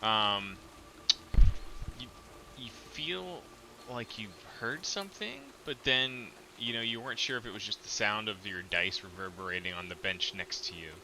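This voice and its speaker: A man narrating a tabletop game as game master, relaxed and full of ums and uhs. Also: fairly low pitch, moderate pace, background noise.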